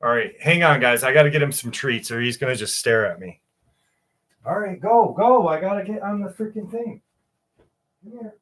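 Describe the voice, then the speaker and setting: A man's voice: fairly high pitch, animated, normal speed, fairly bright tone. A man hosting a casual livestream, chatting loosely with viewers and cursing freely. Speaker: livestream host.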